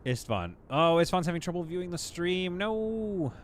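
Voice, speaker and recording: This live streamer has a high-sitting voice with big swings in pitch, talking at normal speed as he builds in his game. He chats casually with viewers and addresses the game, full of playful asides, over a faint hiss or hum.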